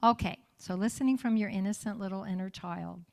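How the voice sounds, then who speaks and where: A woman pastor giving a sermon in a church in a warm, conversational way, often checking in with her listeners. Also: medium pitch, fairly quick, vocal fry.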